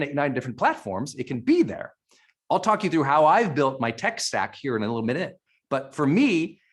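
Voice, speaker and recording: A middle-aged man speaking as a summit presenter at a live online session, fired up and energetic, repeating phrases for emphasis. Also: fairly high pitch. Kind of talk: live webinar teaching.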